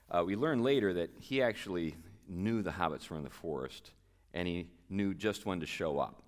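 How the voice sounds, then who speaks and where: A man giving a casual, conversational talk to a men's group in a church hall, with fillers and chatty asides. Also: deep voice. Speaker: guest speaker.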